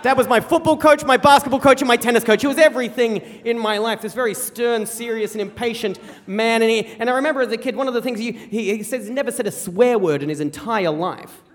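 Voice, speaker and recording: On stage before an audience, a young man from rural South Australia tells a funny personal story, animated and self-mocking, repeating himself as he rushes. His voice is very high-pitched, trailed by a long reverb.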